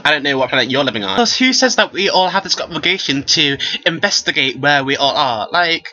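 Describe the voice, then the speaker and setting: A young British man with a sassy, animated way of talking, ranting in a casual vlog. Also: on the high side, moderate pace, no echo. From Britain. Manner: sassy, animated, quotes others in mock voices. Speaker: vlogger. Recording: dull lo-fi webcam audio.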